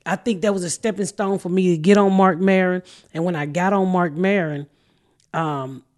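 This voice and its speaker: A woman's voice: on the low side, steady tone, normal speed, a little mellow. A middle-aged woman hosting a podcast, telling stories in blunt, profane casual chat and laughing often. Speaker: podcast host.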